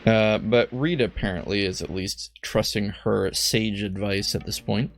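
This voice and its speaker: A man's voice: on the low side, fairly even intonation, normal speed. A man giving playful, self-mocking commentary while playing a game. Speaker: let's play gamer. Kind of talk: casual gameplay commentary.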